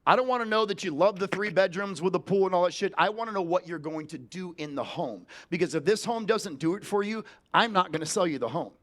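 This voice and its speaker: A man's voice: high voice, animated, quick pace, hardly any pauses, fairly bright tone. A man giving a motivational sales keynote on stage, brash and emphatic, swearing freely. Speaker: sales trainer and keynote speaker. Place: conference stage before an audience.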